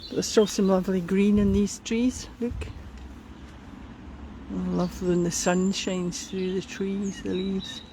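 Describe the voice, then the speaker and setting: A woman with a Scottish accent chatting while out walking in a riverside park, unhurried and a little out of breath. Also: mid-range voice, level tone, mellow, slight background noise, low-quality recording. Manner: chatty, unhurried, talks to her dogs. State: slightly out of breath. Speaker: vlogger. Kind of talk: casual walking commentary.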